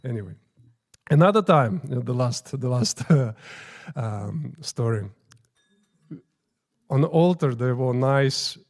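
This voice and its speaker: A temple priest telling informal, halting stories about his teacher during morning prayers in a temple. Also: mid-range voice, darkish tone. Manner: informal, halting, restarting phrases. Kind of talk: storytelling talk at morning prayers.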